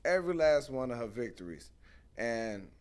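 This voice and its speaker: A young man hosting a casual live stream, telling lively stories and greeting viewers in the chat, speaking. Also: mid-range voice, normal speed. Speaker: host.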